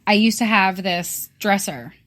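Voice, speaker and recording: Woman guest, casual story-telling, swears and laughs a lot, mid-pitched. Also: measured pace. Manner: relaxed, laughs and swears while telling stories. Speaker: podcast guest.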